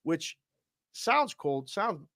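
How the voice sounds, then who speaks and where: A male host on a live show, cheerfully reading out viewer shout-outs with names and area codes. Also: fairly high pitch, very animated, extremely slow, dry recording, clean studio sound.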